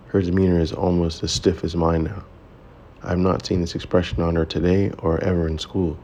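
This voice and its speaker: A man reading a romance story aloud as its narrator, in a steady, measured way. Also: low voice, dull audio, slight background noise. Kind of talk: scripted audiobook narration.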